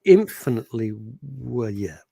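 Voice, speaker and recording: A man's voice: mid-range voice, big pitch swings, measured pace, creaky, warm tone, husky, no echo. A man co-hosting a radio show, teasing and exclamatory in casual studio chat. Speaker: radio co-host.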